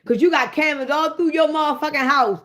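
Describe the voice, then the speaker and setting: A woman in a comedic rant, swearing freely and calling out to her listeners. Her voice sits high, and her delivery is animated. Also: quick pace. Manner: profane, animated, addressing listeners directly. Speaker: host.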